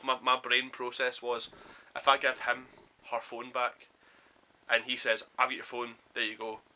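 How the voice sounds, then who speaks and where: A man's voice: mid-range voice, low-quality recording. A young man vlogging from home, telling a story and acting out the quoted lines. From Scotland. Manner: animated storyteller who acts out quoted lines. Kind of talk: storytelling vlog.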